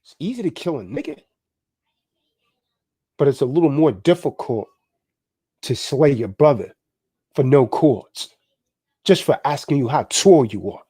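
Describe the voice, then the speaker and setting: A man's voice: medium pitch, big pitch swings, measured pace, long pauses, warm tone, husky, no room sound, studio quality. A man hosting a live stream, preaching and exhorting his listeners, often ending lines with "man". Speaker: livestream host. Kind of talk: impassioned preaching livestream.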